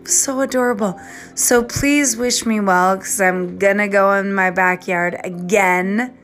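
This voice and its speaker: A woman's voice: medium pitch, steady tone, fairly bright tone, faint music behind. A woman from the East Coast of the US, talking over a phone in a rambling personal voice memo that drifts into whispers. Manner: slow, meandering, drifts into whispers. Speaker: podcast host.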